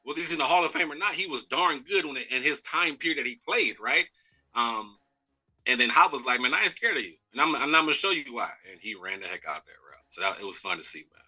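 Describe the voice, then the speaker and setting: An American man in his thirties recounts a practice story with real animation, jumping into quoted lines and laughing along the way. His voice is very bright and forward, pitched at an ordinary middle height for a man. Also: fast talker, husky, low-quality recording. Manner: lively storyteller who acts out quotes and laughs. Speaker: former pro football player, guest. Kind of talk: animated storytelling in a live interview.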